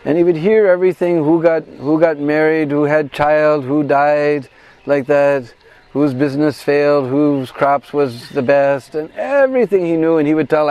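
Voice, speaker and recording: A man with a fairly high, mellow and warm voice leads a pilgrimage and tells a devotional tale. He tells it in an animated way and brings the quoted characters to life as he goes. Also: a little fast, muffled recording. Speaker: pilgrimage guide and devotional speaker. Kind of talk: devotional storytelling on a pilgrimage tour. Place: at a shrine on pilgrimage.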